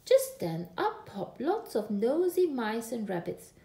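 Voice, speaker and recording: A woman reading a children's picture book aloud in an expressive, drawn-out way. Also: a little high, creaky. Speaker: storyteller. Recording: echoey room.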